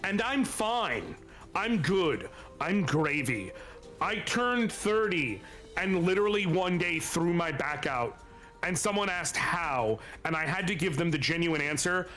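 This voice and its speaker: A man in his thirties with a fairly high voice joins the stream chat. He tells emphatic anecdotes with some swearing and speaks straight to the listeners, over faint background music. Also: big pitch swings, a little slow, fairly bright tone. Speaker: stream co-host.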